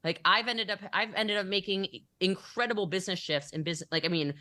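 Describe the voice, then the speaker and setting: A woman's voice: mid-range voice, quick pace, bright, forceful tone, no echo. A young adult woman talking as a business coach in a motivational podcast interview, emphatic and acting out the conversations she quotes.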